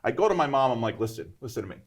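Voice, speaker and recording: A man in his fifties, a guest entrepreneur, telling his story in a casual, animated interview and often checking in with "right?". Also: mid-range voice, rapid-fire, breathy edge. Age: 50s. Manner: animated, emphatic, keeps adding "right?".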